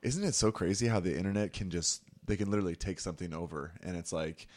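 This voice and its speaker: A man in casual chat, talking quickly in lively back-and-forth. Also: sits low.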